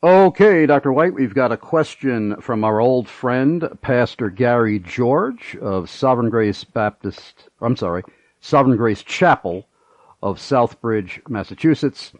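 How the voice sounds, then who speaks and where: A man's voice: mid-range voice, expressive, measured pace, a little mellow, no echo, lo-fi sound. A male radio host reading a listener's question aloud to his guest.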